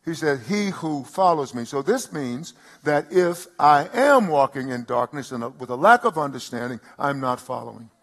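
Middle-aged male pastor, higher-pitched, preaches with emphatic swells. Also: animated, moderate pace, few pauses. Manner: emphatic preaching, rising loud on key lines. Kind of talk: sermon.

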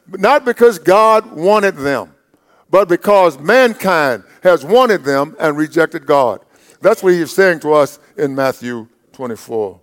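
A man's voice: a little high, lively intonation, unhurried. A man preaching a sermon as pastor, emphatic and repetitive, calling out to the congregation.

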